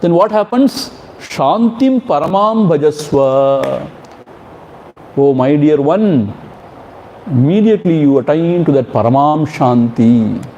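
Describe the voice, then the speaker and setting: A man, a spiritual teacher, chanting Sanskrit verses slowly and explaining them in a gentle, fatherly way. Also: on the high side, expressive, highs cut off, a little hiss or hum. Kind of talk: scripture commentary talk.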